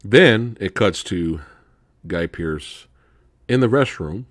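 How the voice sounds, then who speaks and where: A man's voice: fairly low pitch, expressive, takes it slowly, dry recording. A man hosting a movie review show, chatting casually and retelling scenes with laughter and swearing. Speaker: movie review podcast host. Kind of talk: casual spoiler review chat.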